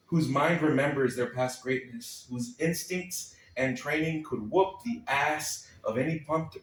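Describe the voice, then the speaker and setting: A man from Texas, reading a personal essay aloud at a live club night with a wry, sardonic delivery and dry asides. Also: mid-range voice. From Texas, United States. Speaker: spoken-word performer. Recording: echoey room, voice a little far from the mic.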